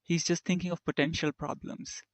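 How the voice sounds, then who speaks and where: A woman's voice: low-pitched, level tone, moderate pace, dry recording. A woman engineer, a podcast guest, talking reflectively and acting out the remarks of people she quotes. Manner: reflective, tells stories and acts out quoted remarks. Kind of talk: conversational interview.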